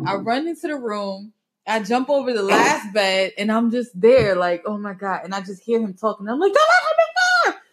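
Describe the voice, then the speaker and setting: A young woman hosting a podcast, telling profane, animated stories between bursts of laughter. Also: mid-range voice, moderate pace. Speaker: podcast host. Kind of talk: casual storytelling chat.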